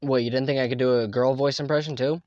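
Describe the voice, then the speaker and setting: A young man streaming a game, chatting casually, excitable and full of swearing and laughter. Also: medium pitch, quick pace, no room sound. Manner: excitable, profane, laughs a lot. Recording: dull lo-fi mic, dry.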